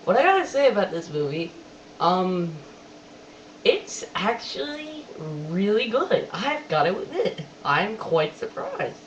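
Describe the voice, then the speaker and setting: A casual webcam movie reviewer who talks chattily, keeps repeating that he has to admit things, and quotes lines with animated emphasis. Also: medium pitch, a little slow. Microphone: webcam microphone. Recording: distant dull webcam audio, faint hiss.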